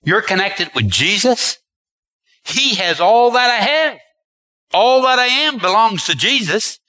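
A man's voice: sits high, big pitch swings, measured pace, sharp tone, pitched above the performer's own voice, heavily acted. A man voicing God the Father as a generous, welcoming elder within a sermon.

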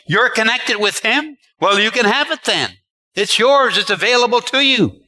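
A man's voice: extremely high pitch, lively intonation, normal speed, pushed and bright, pitched above the performer's own voice, heavily acted. A man voicing God the Father as a generous, welcoming elder within a sermon.

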